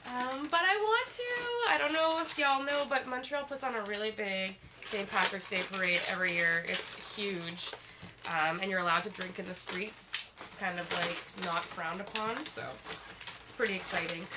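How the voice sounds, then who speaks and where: Sick and slightly congested, a woman livestreams from her bed at home on her phone, chatting casually and reading viewer comments aloud. Her voice is medium-pitched at a moderate pace, with heavy background noise.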